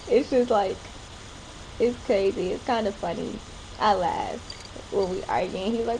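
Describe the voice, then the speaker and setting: A woman's voice: a little high, normal speed, dark tone, a little hiss or hum, poor audio. Chatty young woman vlogging at home. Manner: rambling and chatty, with short laughs. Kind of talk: casual chat.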